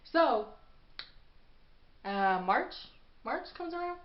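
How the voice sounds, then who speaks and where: A young woman telling a personal story in a casual vlog, animated and sassy as she acts out what people said. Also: sits high, very slow. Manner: animated, acts out quotes with sass. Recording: echoey room, dull lo-fi sound.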